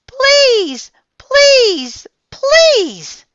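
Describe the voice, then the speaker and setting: A woman voicing an eager, friendly young girl in a storybook reading, with high, excited calls. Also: takes it slowly, no room sound. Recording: dull lo-fi sound.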